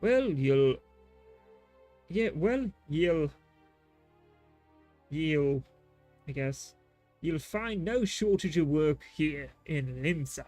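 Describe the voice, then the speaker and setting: A man voicing a rough-spoken male tavern keeper in a game, stumbling folksily over the lines. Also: on the high side, expressive, drawn-out words, long pauses, a little mellow, no room sound, soft background music. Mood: hearty.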